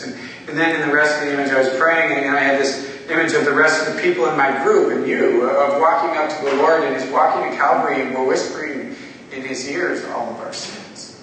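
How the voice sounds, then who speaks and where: A man preaching to a congregation, his fairly high voice carrying through a large, echoey hall from a distance. He talks casually and conversationally, then swells into impassioned pleas before dropping to hushed prayer. Faint room ambience sits underneath. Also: steady tone, brisk, a little hiss or hum. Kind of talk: sermon.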